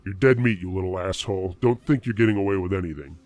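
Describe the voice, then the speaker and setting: A man voicing a big, furious husband who snarls loud threats. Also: low voice, quick pace, pitched below the performer's own voice, close to an everyday voice.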